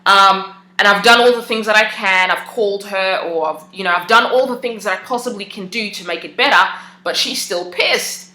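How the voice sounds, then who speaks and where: A woman with a bright, clear voice talks in a relaxed, personal way. She often hesitates and restarts her sentences. The room around her rings with a noticeable echo. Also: mid-range voice, normal speed. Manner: conversational, hesitant, many fillers and restarts. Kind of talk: casual personal talk. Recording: echoey room.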